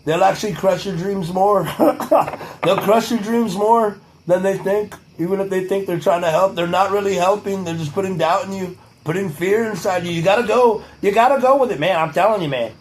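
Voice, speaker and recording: A man's voice: sits high, normal speed, slight background noise, lightly acted, low-quality recording. A man doing a rambling, boastful older public figure. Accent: Boston. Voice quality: rambling, repetitive, profane. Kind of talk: comedic impression monologue.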